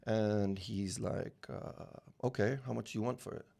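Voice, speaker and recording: This real estate founder, a UAE-raised man in his forties, speaks on the low side at a measured pace with some vocal fry. Appearing as a guest in a storytelling interview, he acts out dialogue in animated anecdotes and often restarts mid-sentence.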